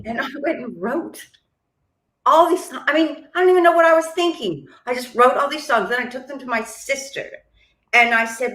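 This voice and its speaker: A woman's voice: high voice, normal speed, a bit bright, roomy sound. A woman singer-songwriter and author, chatting as a podcast guest in a self-deprecating way and laughing often. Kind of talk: casual interview chat. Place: lives in Melbourne.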